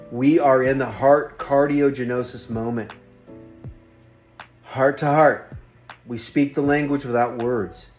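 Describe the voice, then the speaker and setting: Man, vlog host, earnest and emphatic, repetitive, mid-pitched voice, soft music behind. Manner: emphatic and repetitive, pleading with listeners. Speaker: vlogger hosting a workplace show. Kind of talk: earnest spiritual monologue.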